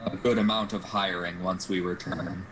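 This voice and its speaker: A man's voice: low voice, flat delivery, moderate pace, a bit bright, slight background noise, low-quality recording. A man voicing a harried, blunt woman ship captain in a tabletop game who swears colorful oaths. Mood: weary.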